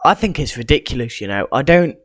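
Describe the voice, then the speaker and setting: A man's voice: medium pitch, animated, brisk, a bit bright, no room sound. Rambling young man. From England. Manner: rambling, hesitant, reading from a screen. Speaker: YouTuber. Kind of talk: casual vlog commentary.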